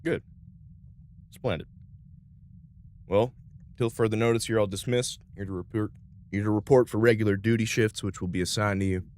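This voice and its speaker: A man's voice: fairly low pitch, fairly even intonation, normal speed, long pauses, a little mellow, a little hiss or hum. A man narrating as game master in a tabletop space game, casual with fillers.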